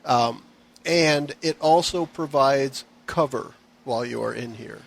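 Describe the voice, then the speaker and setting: A man narrating as game master, relaxed and chatty with many fillers. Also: medium pitch, a little slow, creaky, slight background noise.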